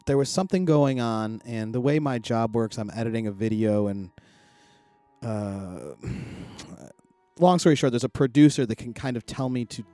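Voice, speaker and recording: A middle-aged man telling a story on a podcast in a loose, rambling way. He swears freely and gets loud when acting out what others said. His voice is dry and close, with faint music underneath. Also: mid-range voice, normal speed, dry recording. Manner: rambling, profane, animated when quoting others. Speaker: podcast co-host. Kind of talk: casual chat, storytelling.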